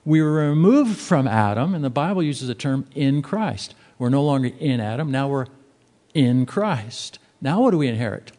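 Man preaching, mellow voice. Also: medium pitch, normal speed. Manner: conversational preaching, emphatic and animated. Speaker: pastor. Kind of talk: sermon.

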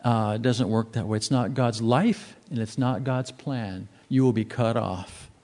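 Pastor, male, mellow tone, casual emphatic preaching. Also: mid-range voice, unhurried. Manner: conversational preaching, emphatic and animated. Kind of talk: sermon.

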